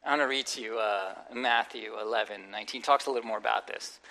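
A woman's voice: a bass voice, quick pace. A woman pastor preaching a conversational sermon, acting out quotes and adding humorous asides. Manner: animated, acts out quotes and inner voices.

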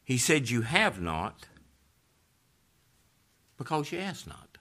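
Slow, bright-voiced preacher with lilt. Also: male voice, big pitch swings. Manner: swings from loud fervent peaks to hushed low emphasis. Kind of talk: sermon.

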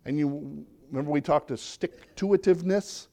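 A middle-aged man preaching a conversational sermon as pastor, dropping his voice low and quiet to drive points home. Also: unhurried.

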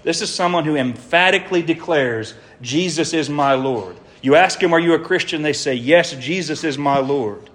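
A man's voice: a little high, normal speed, hardly any pauses, a bit bright. A man preaching an evangelistic sermon to a congregation in an earnest, emphatic way, with many rhetorical questions.

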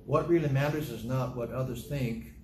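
A man's voice: medium pitch, a little mellow. Emphatic male preacher in an echoey room. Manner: emphatic, repeats phrases, reads scripture slowly. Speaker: pastor. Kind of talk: sermon. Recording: echoey room with faint noise.

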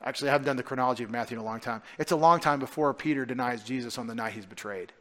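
A male pastor giving a conversational sermon, full of rhetorical questions and restarts, swinging between emphatic points and quiet asides. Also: medium pitch, rapid-fire. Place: church.

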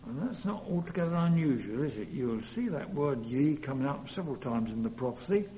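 A man's voice: medium pitch, big pitch swings, fairly quick, mellow. A man preaching a sermon earnestly, leaning hard on key words. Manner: earnest, rising to emphatic stresses. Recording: long reverb in a hall, faint hum.

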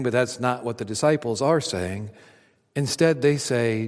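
A man preaching a sermon to a congregation, swinging between loud emphatic lines and hushed near-whispers. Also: mid-range voice, measured pace. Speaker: pastor. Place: church auditorium. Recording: long hall reverb.

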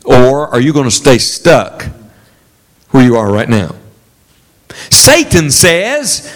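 A man's voice: medium pitch, very animated, takes it slowly, pauses often. A man preaching a sermon, leading his congregation in call-and-response and stressing a key word again and again.

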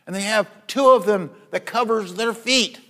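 A man preaching a sermon, rising to loud, high repetitions and dropping to soft, low passages, often restarting his phrases. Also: moderate pace. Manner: repeats words and restarts phrases.

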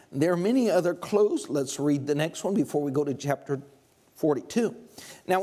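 A man preaching a sermon, with passionate surges that climb high and loud and then drop to slow, low emphasis.

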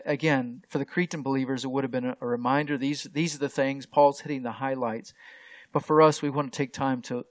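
A man's voice: mid-range voice, dry recording. A man preaching an expository sermon as a pastor, explaining the text step by step and pressing hard on key words. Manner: explanatory, with frequent restarts and stressed key words.

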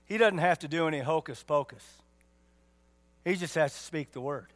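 A man's voice: a little high, moderate pace. A man pastor preaching a sermon with emphatic rhetorical questions and folksy asides.

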